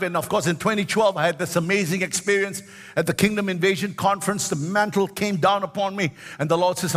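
A pastor in his sixties preaches fervently in a high, bright voice, drawing key words out into a sing-song lift and sprinkling hallelujahs throughout. A long reverb hangs on the sound, like a large hall.

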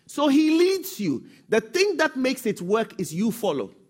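A man preaching a sermon as pastor, calling on the congregation to respond and rising to shouts. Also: very high voice, huge pitch swings, unhurried, husky.

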